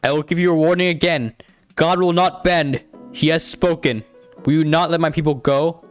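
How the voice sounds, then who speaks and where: A man voicing a righteous male prophet in a dramatic reading, declaiming in a high, strained voice. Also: fairly even intonation, moderate pace, faint music behind, close to an everyday voice. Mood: stern.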